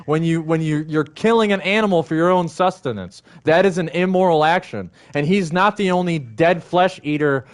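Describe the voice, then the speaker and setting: Guy ranting on his stream, fired up and swearing, kinda high voice. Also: normal speed, hardly any pauses. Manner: heated, profane, repetitive. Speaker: livestream host. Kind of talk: angry ranting monologue.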